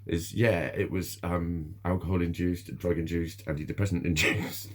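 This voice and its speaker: A man's voice: low-pitched, little pitch movement, moderate pace. A middle-aged man, talking candidly to camera in a rambling, sweary way, laughing often. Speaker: vlogger. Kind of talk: candid personal monologue.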